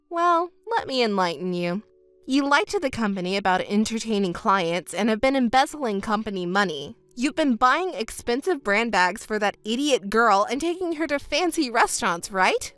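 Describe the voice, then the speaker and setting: A woman's voice: on the high side, sing-song, moderate pace, fairly bright tone. A woman voicing a scripted text-story narration, cold and scolding, with faint music underneath.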